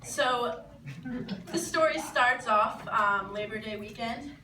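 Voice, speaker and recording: A young woman from New telling a funny personal story live, animated and laughing as she acts out what people said. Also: fairly high pitch, slow pace. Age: teens. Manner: animated, laughing, acting out quotes. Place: small venue. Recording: roomy, distant mic with background noise.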